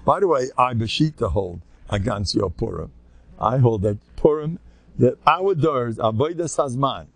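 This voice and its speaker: Here the older rabbi's mid-range voice carries some vocal fry as he moves at a moderate pace through his stories for a live audience. He jokes, impersonates the people he cites, and drops in Hebrew and Yiddish terms.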